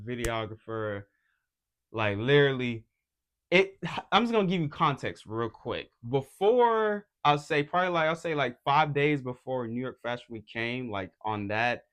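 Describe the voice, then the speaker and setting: A man's voice: medium pitch, measured pace, a bit bright, clear, resonant tone. A young man from Atlanta, an unsigned model, chatting casually to camera in a loose, slangy, rambling way. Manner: laid-back slangy rambling, full of "you feel me". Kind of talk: casual vlog chat.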